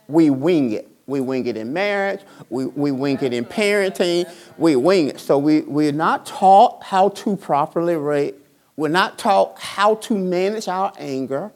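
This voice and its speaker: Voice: mid-range voice, darkish tone. A pastor preaching a sermon in a church, asking repeated questions and drawing call-and-response from the congregation. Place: church sanctuary.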